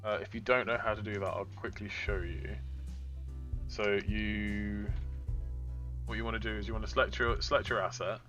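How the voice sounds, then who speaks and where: Man, lowish bright voice, rambling tutorial chat, dull stream audio, faint music. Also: fairly even intonation, normal speed, pauses often. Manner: rambling, filler-heavy, distracted. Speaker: co-host of a train game modding stream. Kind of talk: casual tutorial chat while working.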